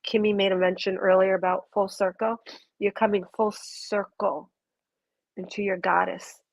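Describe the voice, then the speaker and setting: Woman, intuitive reader; rambling, heartfelt delivery, average pitch, dry close sound. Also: little pitch movement, moderate pace, gravelly, no room sound. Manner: earnest, gushing, rambling with restarts. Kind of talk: live spiritual reading to a viewer.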